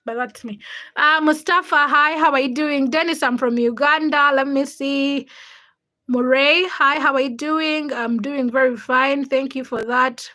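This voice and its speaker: Young female livestreamer, high bright voice, chatty storyteller who laughs a lot and reads out viewer names. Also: steady tone, unhurried. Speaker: livestream host. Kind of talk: casual livestream chat, greeting viewers and telling stories.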